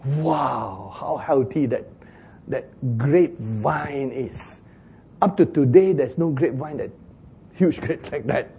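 A man preaching a sermon in an animated way, chuckling as he talks and acting out the lines he quotes. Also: medium pitch, slow pace, slightly rough. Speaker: pastor.

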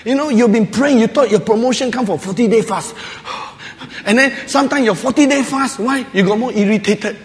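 A man's voice: very high-pitched, normal speed. A man preaching a humorous sermon who chuckles often and acts out little voices as he tells his stories. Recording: long reverb of a large hall.

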